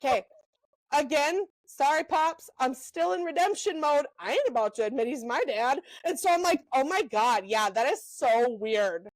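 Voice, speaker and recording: A young woman co-hosting a podcast, telling animated stories in a casual chat, full of "um" and "like". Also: high-pitched, no echo, rough recording. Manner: animated storyteller, lots of "um" and "like", quick asides. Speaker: podcast co-host.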